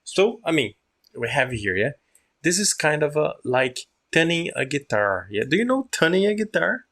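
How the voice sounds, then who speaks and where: Gravelly-voiced man teaching English. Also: on the high side, sing-song, moderate pace, a bit bright. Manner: keeps checking in with "yeah?" and "okay?"; acts out sounds while explaining. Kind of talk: casual online English lesson.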